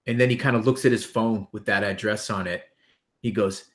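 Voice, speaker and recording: Low male voice, casual tabletop player. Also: fairly even intonation, moderate pace. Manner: casual, with fillers, describes his character.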